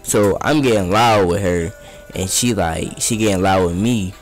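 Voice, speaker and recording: A man's voice: low-pitched, unhurried, faint music behind. A young man casually telling a story over gameplay, rambling in profane street slang.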